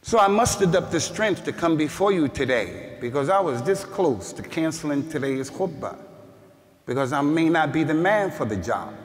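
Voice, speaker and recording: A man, the imam of a mosque, giving a Friday sermon with passion, rising at times to shouts and reciting Arabic scripture. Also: fairly high pitch, long reverb tail. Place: mosque prayer hall.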